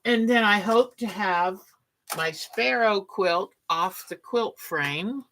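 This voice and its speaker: A woman chats her way through a quilting livestream. Her voice is bright and clear, and she talks at an unhurried pace, greeting viewers by name as she goes. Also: medium pitch, expressive, slight background noise, rough recording. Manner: chatty, warm sign-offs, talks to viewers by name. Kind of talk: casual livestream chat.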